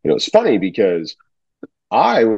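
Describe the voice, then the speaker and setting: Male podcast co-host, 30s, very low husky voice, hesitant casual talker. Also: wildly swooping pitch, normal speed, darkish tone, no room sound, dull audio. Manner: hesitant, trails off with fillers. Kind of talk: casual chat.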